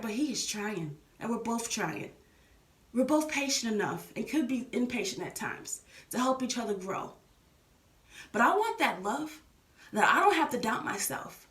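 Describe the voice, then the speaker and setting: A woman's voice: fairly high pitch, a bit bright. A young woman giving earnest relationship advice in a casual vlog, repeating herself and addressing the viewer directly. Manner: earnest, repetitive, talks straight to the viewer as "baby". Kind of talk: casual heartfelt advice talk. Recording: echoey room, from a distance.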